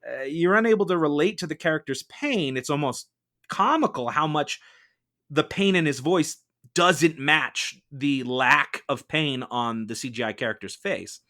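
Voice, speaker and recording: A man's voice: fairly high pitch, bright, forceful tone. Man arguing a formal mock-trial case. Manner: measured, formal courtroom-style arguing. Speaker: mock-trial prosecutor on a film podcast. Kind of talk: prepared argumentative case delivered to a judge.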